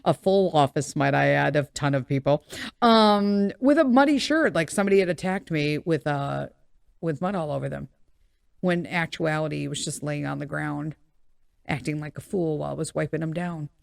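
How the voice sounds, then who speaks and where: A middle-aged woman tells a story on her podcast in a loose, chatty way, full of fillers and quick asides. Her voice sits fairly low for a woman, and the recording is dry and close with no room sound. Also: creaky, dry recording. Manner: animated, acts out quoted voices, many fillers. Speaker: podcast host. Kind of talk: casual storytelling monologue.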